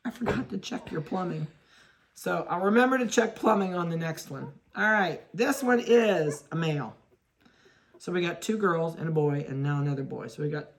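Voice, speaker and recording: Indoors at a kennel, a woman dog breeder with a fairly low-pitched voice chats her way through handling puppies, talking to them and laughing at her own mix-ups. There's slight background noise.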